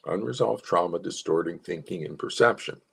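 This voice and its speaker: A man's voice: low-pitched, fairly quick, gravelly, breathy edge. A man, a psychologist consultant, gives clients informal advice and coaching, explaining step by step and repeating key phrases.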